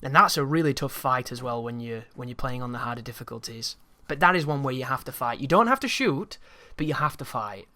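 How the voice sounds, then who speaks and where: A man's voice: medium pitch, animated, brisk, few pauses, sharp tone. A man giving casual, rambling, opinionated commentary over a video game, swearing freely as he talks. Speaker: gameplay commentator.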